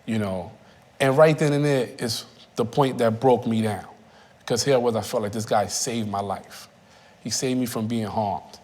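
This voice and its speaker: A man in his thirties giving personal testimony in a reflective, halting way, often repeating phrases. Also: medium pitch, a little mellow. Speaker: interviewee. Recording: reverberant room.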